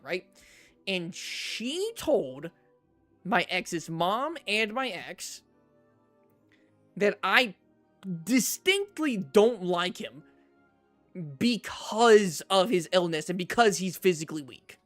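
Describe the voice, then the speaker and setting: A man streaming, telling a personal story to his chat in a casual, animated way, often checking in with "right?". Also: high-pitched, takes it slowly, long pauses, soft background music. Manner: animated storyteller, repeats himself, says "right?" a lot.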